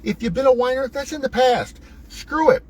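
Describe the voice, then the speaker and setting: A man's voice: extremely high pitch, brisk, slightly rough, poor audio. A man hosting a motivational talk, coaching viewers in a preachy, emphatic, folksy way with wide swings in his voice. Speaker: host.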